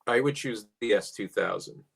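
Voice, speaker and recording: A man's voice: on the low side, normal speed, vocal fry, fairly bright tone, breathy edge. A middle-aged man co-hosting a casual car chat, musing with dry humor. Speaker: podcast co-host.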